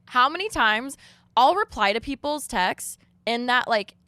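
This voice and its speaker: A young woman co-hosting a podcast, telling a story in casual chat and acting out text messages in a lively, higher voice. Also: unhurried, no room sound. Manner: animated storytelling, acts out texts in a high voice. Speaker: podcast co-host.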